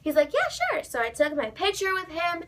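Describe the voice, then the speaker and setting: A woman's voice: sits high, fairly quick, heavy background noise. A young woman vlogger gushing as she retells a concert night, acting out the dialogue. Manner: excited, gushing fan retelling with quoted dialogue. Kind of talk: casual storytelling.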